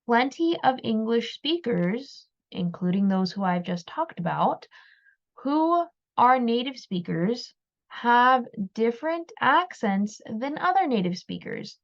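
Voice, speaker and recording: Woman doing opinion commentary, slow and thoughtful, creaky voice, kinda muffled lo-fi sound. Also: on the high side, big pitch swings. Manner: measured, thoughtful, repeats words while thinking. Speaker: commentary video host.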